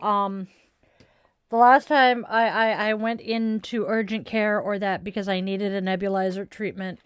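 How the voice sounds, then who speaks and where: Woman rambling on a stream, sighs a lot, smooth voice. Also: mid-range voice, steady tone, unhurried, no echo, clean studio sound. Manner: rambling, self-deprecating, sighs often. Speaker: streamer chatting with viewers. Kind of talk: casual live-stream chat.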